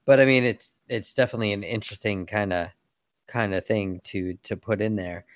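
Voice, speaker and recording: Low-voiced man in rambling podcast chat. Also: fairly even intonation, fairly quick, no echo, clean studio sound. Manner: rambling, filler-heavy, laughs easily. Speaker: podcast host. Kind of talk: casual comic book discussion.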